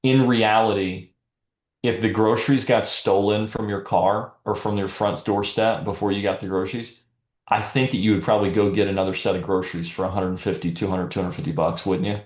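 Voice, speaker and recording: A man's voice: lowish voice, steady tone, brisk. Direct man coaching in a roomy echo. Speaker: sales trainer. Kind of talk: live sales training talk.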